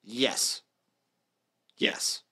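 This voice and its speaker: A man's voice: drawn-out words, bright, forceful tone. A man in his late twenties hosting a casual sports podcast, reading out dates and acts in turn with dry jokes. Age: late 20s. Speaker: podcast host.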